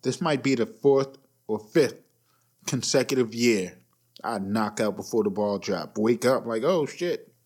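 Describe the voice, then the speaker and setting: A man's voice: on the low side, steady tone, a little slow, darkish tone. A man in his thirties hosting a solo podcast, rambling bluntly with profanity and laughing at his own jokes. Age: 30s. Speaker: podcast host. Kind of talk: casual solo rant.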